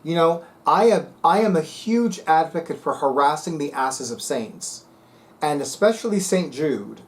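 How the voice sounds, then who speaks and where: A man's voice: on the high side, expressive, a little slow. A man talking casually to viewers as a vlog host, sassy, emphatic and dramatic. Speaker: spiritual video host.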